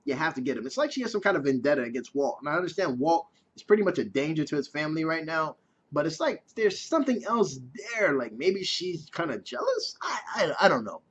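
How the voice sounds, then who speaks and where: A man's voice: on the high side, very animated, brisk, husky. A man casually reviewing a TV episode in a chatty way, swearing freely. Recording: dull lo-fi recording.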